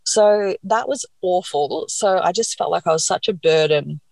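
Aussie woman, low gravelly voice, chatty candid storytelling, dry close mic. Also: normal speed, no room sound. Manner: animated, acts out quoted dialogue, frequent "like". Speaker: podcast guest.

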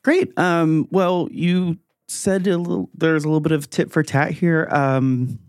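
A cheerful male cult leader who shrugs off every problem with easy, noncommittal chatter, voiced by the game master. The voice sits at a middling pitch, recorded close and dry with no room around it. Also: fairly even intonation, unhurried, no echo, close to an everyday voice. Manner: breezy, laid-back and noncommittal, with laughs.

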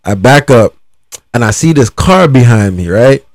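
A man hosting a podcast, telling a story in an animated, swearing way. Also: medium pitch, moderate pace, dry recording. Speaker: podcast host. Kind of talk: casual storytelling.

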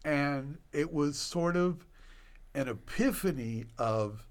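Guest, male, 60s, slightly high voice, animated podcast storyteller. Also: slow. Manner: animated storyteller with sound effects. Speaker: guest physician.

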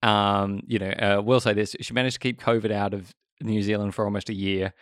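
A man's voice: lowish voice, flat delivery, brisk, fairly bright tone, smooth, dry recording, clean studio sound. An Australian man in his thirties hosting a podcast, chatting casually and rambling with frequent laughs. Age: 30s. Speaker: podcast host.

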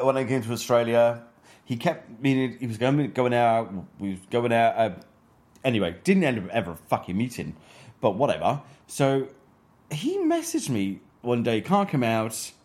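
A man's voice: mid-range voice, big pitch swings, normal speed. A man from Wales co-hosting a podcast, chatting in a laid-back way and swearing freely. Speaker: podcast co-host. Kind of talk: casual chat.

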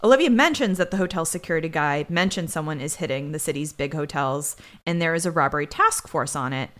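A woman's voice: low voice, fast, a bit bright. A woman co-hosting a podcast, casually recapping a TV episode with sarcastic asides. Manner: chatty, sarcastic asides while retelling the plot. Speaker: podcast co-host.

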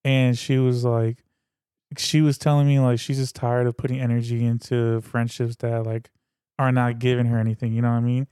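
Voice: medium pitch, level tone, normal speed, mellow, clear, resonant tone, dry recording, studio quality. An easygoing podcast host chatting casually and agreeing often with a guest.

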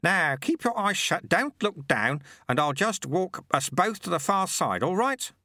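A man voicing a calm, kindly old male sweeper monk who speaks in a gentle, reassuring way. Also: high-pitched, measured pace, no echo, clean studio sound, pitched above the performer's own voice, heavily acted.

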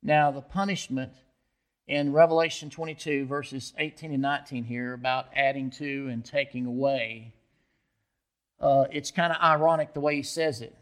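Higher-voiced man preaching a sermon. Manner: asks the listeners questions, checks in with "okay?". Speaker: pastor. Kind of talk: expository sermon.

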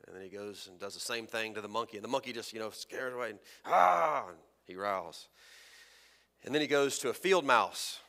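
Male pastor, unwell and fatigued, chatty sermon delivery, bright tone, long church-hall reverb. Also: fairly low pitch, brisk. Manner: conversational, self-deprecating, prays softly.

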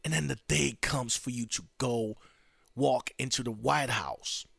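Gravelly man telling a profane comic story. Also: medium pitch, fairly bright tone, dry recording. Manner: profane, drawn-out delivery. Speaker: comedian. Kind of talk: stand-up storytelling.

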